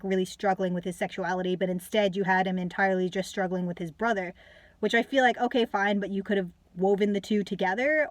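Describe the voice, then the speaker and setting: A woman's voice: mid-range voice, no echo. Young woman ranting about a book she didn't like, lots of "like", dry close sound. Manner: ranting, frequent "like" fillers, swearing. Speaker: book reviewer. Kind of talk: casual spoken book review.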